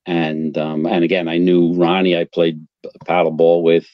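A man, a guest fire captain telling animated, profane stories and acting out quotes. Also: deep voice, moderate pace, dry recording, lo-fi sound. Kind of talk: casual storytelling.

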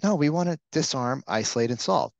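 A man's voice: medium pitch, lively intonation, fairly quick, gravelly, no room sound. A man leading a sales training session, talking casually and coaching the room with frequent questions. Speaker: real estate sales trainer. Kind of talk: live training session talk.

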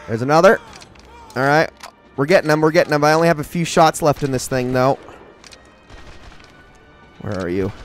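A young man giving casual, excitable commentary while playing a shooter game, talking to himself and the enemies. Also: medium pitch. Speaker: gaming channel host.

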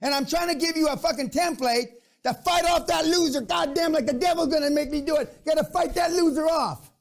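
A man giving an aggressive, profane seminar rant, berating his audience and shouting often. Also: extremely high pitch, fairly quick, gravelly. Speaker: business seminar speaker.

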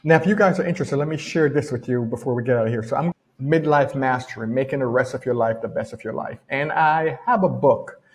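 A man's voice: mid-range voice, a little fast. A middle-aged man with a Jamaican accent gives a casual motivational talk as a personal development coach, repeating his key phrases for emphasis. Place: home in rainy weather.

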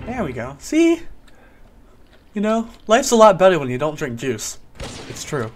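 A man's voice: high voice, huge pitch swings, a little slow, pauses often, slight background noise. A man giving casual gameplay commentary as a gaming YouTuber, joking and mock-serious while he chats at other players.

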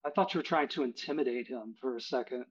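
Brief: casual male game master, husky voice, dull lo-fi mic. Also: mid-range voice, fast talker. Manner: relaxed, casual, frequent "uh". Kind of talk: running a tabletop game online. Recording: dull lo-fi recording.

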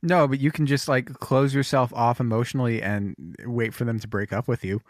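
A man with a mid-pitched voice, co-hosting a podcast. He talks in a meandering, hesitant way, reading bits aloud and reacting to them. The recording is dry and close, with no room sound. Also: fairly even intonation, fairly quick, dry recording. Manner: meandering, hesitant, reads passages aloud and comments. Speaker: podcast co-host. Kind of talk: casual podcast chat.

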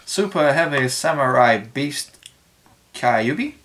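Deep-voiced woman listing pulled cards. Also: lively intonation, takes it slowly, fairly bright tone. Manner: matter-of-fact, mostly lists pulled cards. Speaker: card pack opener, co-host. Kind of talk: casual chat while opening card packs. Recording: noisy with wrapper crinkling.

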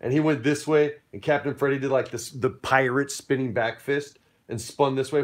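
A man's voice: medium pitch, steady tone, normal speed, hardly any pauses. A man acting as game master, explaining dice rules and narrating a pirate fight in an upbeat, playful way.

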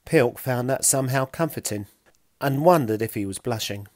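A man narrating a children's story in an expressive, playful way, recorded close. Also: medium pitch, moderate pace, no echo.

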